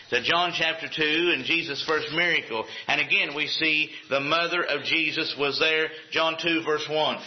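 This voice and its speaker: A man preaching a sermon in a folksy, conversational way with acted asides. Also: on the high side. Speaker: pastor. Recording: dull lo-fi recording.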